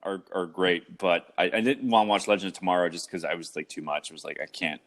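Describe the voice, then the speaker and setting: A man's voice: low-pitched, quick pace. A man co-hosting a podcast in casual chat, talking in a rambling way with many fillers. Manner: rambling, filler-heavy, animated. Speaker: podcast co-host.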